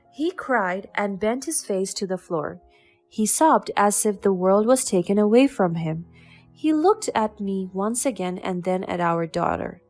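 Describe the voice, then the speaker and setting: A woman narrating a first-person story in an even, measured reading. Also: medium pitch, soft background music.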